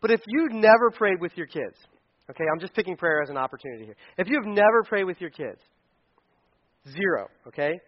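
A man's voice: sits high, animated, brisk. A man preaching a casual, joking sermon to parents, acting out little scenes in funny voices. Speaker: pastor speaking to parents. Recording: dull lo-fi sound.

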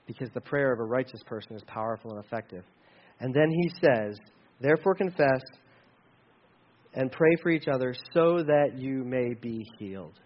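A man preaching a sermon, conversational, with sudden rises and quiet drops. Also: medium pitch, lively intonation, moderate pace, dull audio. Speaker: pastor.

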